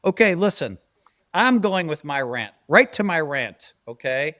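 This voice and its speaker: Emphatic high-voiced male podcast host. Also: big pitch swings, a little slow, a bit bright, no echo. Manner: emphatic, bantering, rant-style delivery. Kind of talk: casual sports betting podcast rant.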